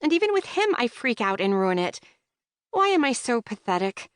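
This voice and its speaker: A woman's voice: on the high side, big pitch swings, moderate pace, no room sound, studio quality, voice pushed up. A woman voicing an awkward, self-conscious young woman gamer who speaks earnestly and flustered, in an audiobook.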